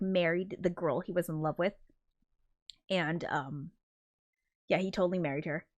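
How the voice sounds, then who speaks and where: A woman hosting a casual livestream, reading viewer comments aloud and reacting with shocked exclamations and laughter. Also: on the low side. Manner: chatty and rambling, with loud shocked reactions and laughter. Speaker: livestream host and composer.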